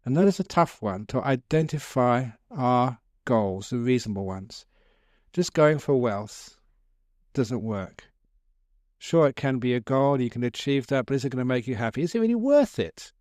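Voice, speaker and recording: A Buddhist monk gives a light, joking talk to a gathered audience, mixing asides and chuckles into his teaching. His voice is smooth and clear at a middle pitch, recorded dry and close with almost no room sound. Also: lively intonation, normal speed, a little mellow, dry recording. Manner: jokey, chuckling, conversational. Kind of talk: humorous storytelling dharma talk.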